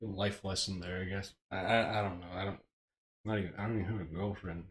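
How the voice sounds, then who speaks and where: A man's voice: low voice, steady tone, fairly quick, slight background noise. A man casually reading a movie script aloud on a live stream, hesitant and stammering, with frequent restarts.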